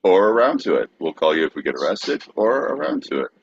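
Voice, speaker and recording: A man co-hosting a podcast, talking casually in a dry, steady way as the straight man. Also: deep voice, brisk, creaky, a little hiss or hum. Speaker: podcast co-host. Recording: dull lo-fi audio.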